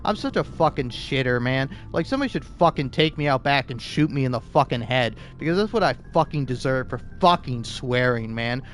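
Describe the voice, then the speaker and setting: A man hosting a gaming video, ranting casually with constant swearing and lots of filler words, building into loud outbursts. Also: mid-range voice, lively intonation, fairly quick, hardly any pauses. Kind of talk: casual profane rant.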